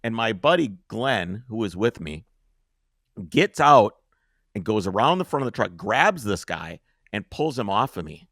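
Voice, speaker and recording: A man hosting a podcast, telling a long story in a casual, animated way, swearing freely and acting out the scenes. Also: on the low side, measured pace, no room sound, clean studio sound.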